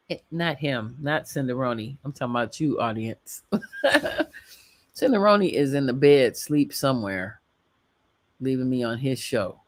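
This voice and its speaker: A middle-aged woman hosting a livestream from home, chatting casually and rambling while laughing often. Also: extremely low pitch. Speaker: livestream host.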